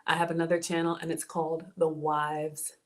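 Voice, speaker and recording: A woman's voice: low-pitched, monotone, normal speed. A woman in her forties with a mild Southern American accent, chatting casually with livestream viewers while she cooks and thanks them for their support. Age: 40s. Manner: chatty, thanks viewers, addresses chat as y'all. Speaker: home cook livestream host.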